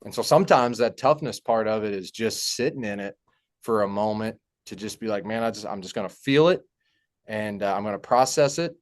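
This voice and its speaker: A young man telling a personal story in a halting, heartfelt way, with many fillers and restarts. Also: on the low side. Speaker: podcast guest. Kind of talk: personal story in casual conversation.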